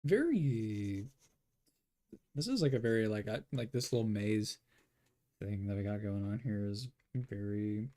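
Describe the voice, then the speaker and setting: A man's voice: lowish voice, animated, measured pace, dark tone. A man talking to himself in a rambling way as he draws, giving casual commentary. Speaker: artist.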